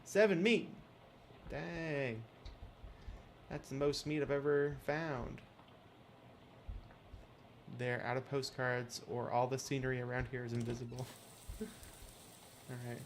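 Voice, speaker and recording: A man's voice: medium pitch, little pitch movement, takes it slowly, pauses often. A man casually streaming a game and talking through it in his ordinary mid-range voice. He is chatty and giggles often. A faint hum of room ambience sits behind him. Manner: chatty and giggly, reading game text aloud. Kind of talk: casual gameplay commentary.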